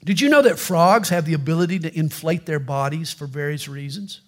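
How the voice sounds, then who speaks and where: A male pastor preaching a sermon, with animated storytelling and touches of humor. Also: fairly high pitch, fairly quick.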